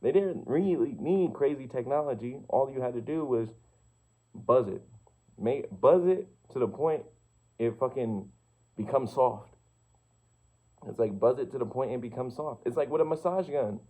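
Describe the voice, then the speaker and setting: Young guy rambling casually, lots of slang and swearing, mellow low-key tone, kinda muffled recording. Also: moderate pace. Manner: slangy and profane, asks rhetorical questions, repeats "you feel me". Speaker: vlogger.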